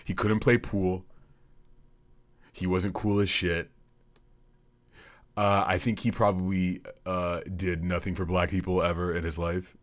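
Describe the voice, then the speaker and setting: A man's voice: sits low, level tone, measured pace. A man hosting a comedy podcast, rambling through a profane, jokey monologue. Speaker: podcast host.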